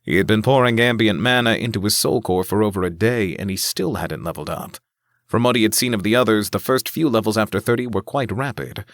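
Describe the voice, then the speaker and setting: A man narrating a fantasy audiobook in a steady, even reading. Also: lowish voice, no echo, studio quality. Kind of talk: scripted narration.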